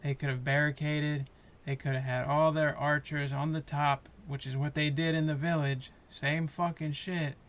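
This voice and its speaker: A man's voice: a little high, little pitch movement, moderate pace, a bit bright. A man giving a heated, profane, passionate review of a show, talking in a casual rant.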